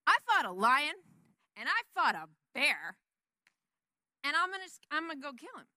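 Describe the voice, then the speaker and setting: A woman's voice: high-pitched, very animated, normal speed, bright, forceful tone, dry recording, clean studio sound, pitched above the performer's own voice, full character voice. A woman playing a brash, eager young shepherd boy. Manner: boastful, yippy.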